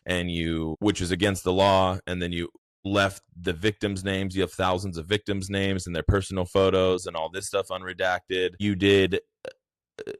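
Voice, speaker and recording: A man doing a stern accusing politician, low voice. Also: level tone, moderate pace, clear, resonant tone, no room sound, natural voice. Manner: accusatory, hammering.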